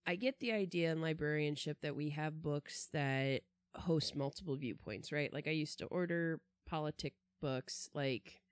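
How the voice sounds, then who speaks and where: Lower-voiced woman librarian telling stories. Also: moderate pace, few pauses, clear, resonant tone, no room sound. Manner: storytelling, hesitant with fillers. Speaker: librarian and podcast co-host. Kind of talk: casual chat.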